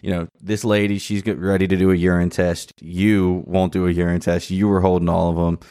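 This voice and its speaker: A man's voice: deep voice, fairly quick, clean tone, no room sound, clean studio sound. A man co-hosting a podcast, casually recapping a TV episode and acting out the scenes. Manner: animated recapping, acts out scenes. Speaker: podcast co-host. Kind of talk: casual chat.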